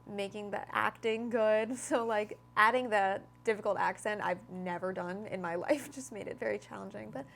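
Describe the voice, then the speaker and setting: A woman's voice: medium pitch, steady tone, moderate pace, creaky, few pauses, fairly bright tone. A young adult woman talking as an interview guest about her acting, bubbly and full of "like" fillers. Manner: bubbly, lots of "like", laughs while talking. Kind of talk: casual interview chat.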